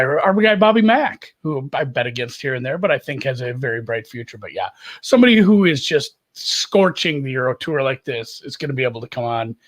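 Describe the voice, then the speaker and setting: A man giving golf betting picks in casual podcast chat, lively and joking at his own expense. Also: mid-range voice. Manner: lively, joking, self-deprecating.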